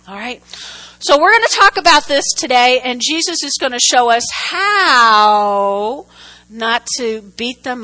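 A woman preaching with a high, bright voice. She is animated, repeats her points for emphasis and keeps checking in with her listeners. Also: low-quality recording. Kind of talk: sermon.

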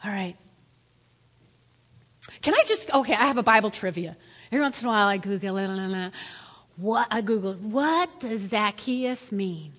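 A woman pastor preaching a lively sermon in church, swinging between loud calls and hushed asides. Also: medium pitch, moderate pace, pauses often. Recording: echoey hall.

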